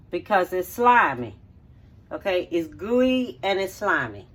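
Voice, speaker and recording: In her home kitchen, a middle-aged woman who hosts a cooking channel gives a casual demonstration, her voice low, sing-song and unhurried. She keeps it homey, repeats each step and checks in with "okay?"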